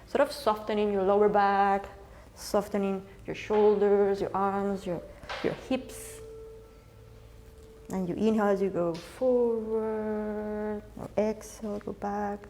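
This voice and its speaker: Yoga teacher, female, warm low-bright tone, calm breath cues, slight hiss behind. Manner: calm, slow cueing of breath and movement. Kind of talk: guided yoga class instruction. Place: home studio space, live-streamed.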